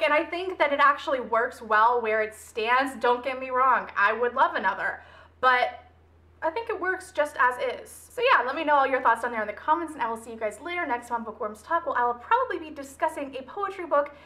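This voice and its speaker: A woman's voice: high voice, lively intonation, fairly quick, pushed and bright. A woman talking casually to her camera in a book review, recapping the plot in her own chatty, gushing way.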